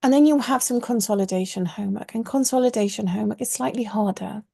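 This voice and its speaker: Husky, gravelly woman teaching a class. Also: medium pitch, fast, mellow, no room sound, clean studio sound. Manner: earnest, explains with stressed key words; religious phrases woven into teaching. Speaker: Arabic teacher. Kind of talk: online course lesson.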